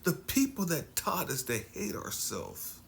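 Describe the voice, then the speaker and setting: A man speaking as a life coach in an intense motivational talk, dropping to hushed near-whispers and then surging for emphasis. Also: a little high, wildly swooping pitch, a little slow, creaky, slight background noise.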